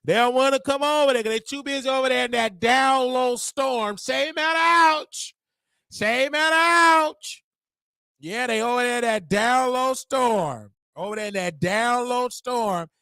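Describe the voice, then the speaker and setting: A man's voice: very high-pitched, moderate pace, gravelly, hardly any pauses, a bit bright, clean tone, no echo, studio quality. A man hosting a casual livestream, talking to his chat in a rambling, repetitive way with preacher-like call-outs. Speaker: livestream host.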